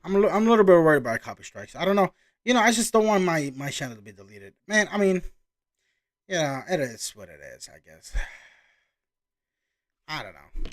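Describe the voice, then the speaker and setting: A man's voice: on the high side, sing-song, normal speed, pauses often. A man hosting a reaction video, chatting casually and exclaiming as he reacts.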